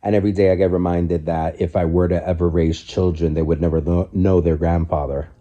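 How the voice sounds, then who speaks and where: Deep, dark-voiced man vlogging. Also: steady tone, fairly quick, muffled recording. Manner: reflective, candid, speaks in loose restarts. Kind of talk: casual mukbang vlog. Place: living room, on a couch. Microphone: phone.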